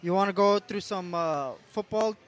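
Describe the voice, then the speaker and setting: A man's voice: high voice, normal speed. A man co-hosting a casual podcast, teasing his friend with short profane interjections. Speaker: podcast co-host. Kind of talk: casual banter.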